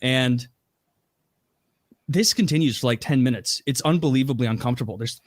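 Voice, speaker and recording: A man's voice: mid-range voice, moderate pace, dry recording. A man hosting a podcast, animatedly retelling a story in casual chat with lots of filler words. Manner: animated retelling, heavy use of "like". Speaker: podcast host.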